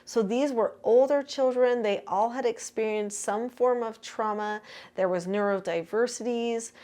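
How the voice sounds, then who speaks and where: Older female parenting coach; earnest, steady instructional delivery. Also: on the high side, a little slow. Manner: earnest, steady advice-giving. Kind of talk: instructional talk to camera.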